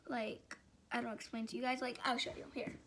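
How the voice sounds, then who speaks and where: A woman's voice: fairly high pitch, flat delivery, a little fast, fairly bright tone, a little hiss or hum. A woman vlogger telling a casual story, rambling and filling it with "like" and "um". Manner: rambling, filler-heavy storytelling with frequent "like".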